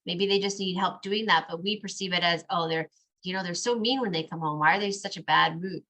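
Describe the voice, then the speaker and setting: A mother talking in a casual podcast conversation, lively, acting out bits of quoted dialogue as she goes. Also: fairly low pitch, a little fast.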